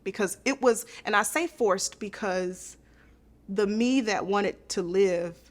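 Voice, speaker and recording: A woman's voice: medium pitch, slow pace. A woman guest on a podcast, telling a hard personal story in an earnest, intimate way, often repeating her phrases.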